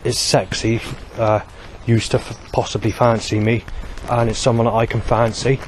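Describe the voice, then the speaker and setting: A man talking alone to camera in a rambling monologue, halting often to search for words. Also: mid-range voice, level tone, a little mellow, slight background noise. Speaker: vlogger.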